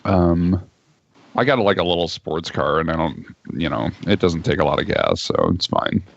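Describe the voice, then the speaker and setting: A young man with a very deep, gravelly voice chats easily as a guest, joking and pausing with plenty of ums. He comes through a video call, and the sound is a little muffled. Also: big pitch swings. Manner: laid-back, joking, hesitant with fillers. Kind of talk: casual chat.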